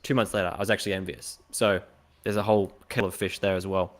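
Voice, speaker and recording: A young man with an Australian accent talks on a casual podcast in a lowish voice. He tells his stories with energy and acts out the lines of other people as he goes. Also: level tone, fast talker. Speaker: podcast host.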